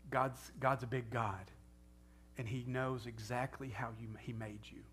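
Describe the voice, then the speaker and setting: Earnest pastor preaching conversationally. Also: male voice, medium pitch, fairly even intonation, unhurried, a bit bright, faint music behind. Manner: earnest, conversational, rising to fervent prayer. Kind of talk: sermon and closing prayer.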